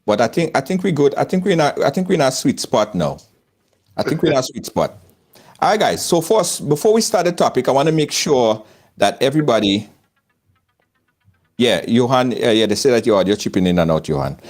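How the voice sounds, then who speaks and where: A man's voice: mid-range voice, big pitch swings, fairly quick, a little mellow. A man from Trinidad with a Trinidadian accent, hosting a live talk show over a video call, laughing often and repeating himself. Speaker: host. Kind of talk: lively live-show chat.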